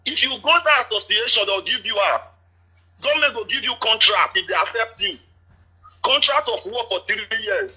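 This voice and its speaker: A man caller speaking Nigerian Pidgin, explaining things at length in a steady, detailed way. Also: high-pitched, normal speed, husky, low-quality recording. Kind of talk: casual chat.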